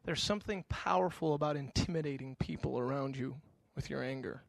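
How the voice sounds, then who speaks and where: A man's voice: medium pitch, fairly quick, vocal fry, no room sound. A middle-aged male pastor giving a conversational sermon, telling stories with animation and frequent stammered restarts.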